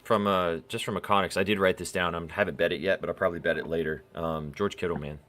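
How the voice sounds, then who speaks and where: A man's voice: low-pitched, steady tone, fast, fairly bright tone. A man hosting a sports betting show in casual chat, laid-back and loose, swearing freely.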